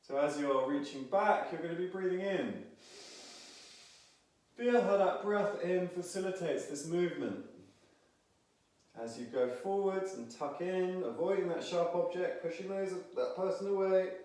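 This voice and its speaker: Male movement instructor, slightly high voice, calm step-by-step cues, recorded far off in a very echoey room. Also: a little slow. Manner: calm, instructive, counting and cueing each movement. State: slightly out of breath. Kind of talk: guided movement and breathing class.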